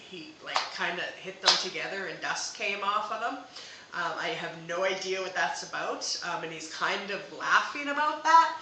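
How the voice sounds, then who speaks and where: A woman's voice: lowish voice, sharp tone, heavy reverb, a little hiss or hum, rough recording. A woman hosting a live psychic reading, talking hesitantly with many fillers and restarts. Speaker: psychic medium host.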